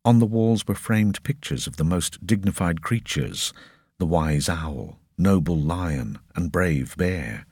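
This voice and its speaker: Husky low man narrating a novel, lots of ups and downs in his voice. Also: takes it slowly, dry recording, studio quality. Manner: expressive storytelling. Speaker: audiobook narrator. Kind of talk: scripted narration.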